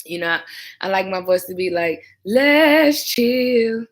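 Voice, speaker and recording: A young woman, speaking a little fast in a fairly low voice, shares casual on-camera stories about having worked as a 911 dispatcher. Her delivery is smooth and calm but gets animated when she mimics the people who called.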